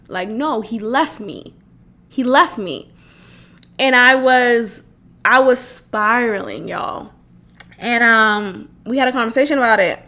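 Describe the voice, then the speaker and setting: A woman's voice: on the high side, bright, forceful tone. A young woman hosting a podcast alone, telling a personal story in casual chat, acting out quotes and swearing freely. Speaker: podcast host. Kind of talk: casual solo podcast talk.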